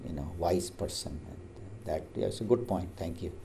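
A man leading a group discussion, telling stories and quotes in a calm, measured, teacherly way. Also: low-pitched, vocal fry, a little hiss or hum. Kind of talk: reflective group talk.

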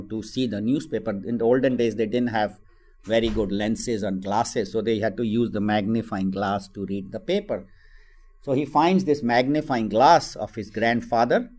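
A man, giving a spiritual teaching on scripture and acting out a story as he tells it. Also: medium pitch. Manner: animated storytelling, acts out voices in quotes.

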